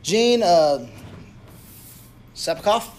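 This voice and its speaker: Co-host, plain and matter-of-fact, high-pitched. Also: male voice, animated, drawn-out words, darkish tone, slight background noise. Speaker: podcast co-host. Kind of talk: casual chat.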